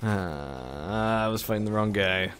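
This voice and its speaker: A young man streaming a shooter game, grumbling sarcastically at teammates and bursting into frustrated shouts. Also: lowish voice, animated, slow, slight background noise. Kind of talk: live gameplay commentary.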